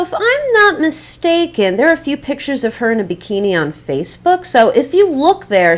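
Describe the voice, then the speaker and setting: An actress playing a young catty woman who sabotages her former employee with gushing, backhanded praise over the phone. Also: a little high. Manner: sweetly sarcastic, gushing, backhanded. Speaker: former boss giving a job reference by phone. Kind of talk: scripted comedy monologue.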